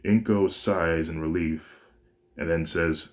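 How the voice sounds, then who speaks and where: Deep-voiced man casually narrating a fan story. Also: measured pace. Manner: casual, with frequent restarts and self-corrections. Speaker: story reader.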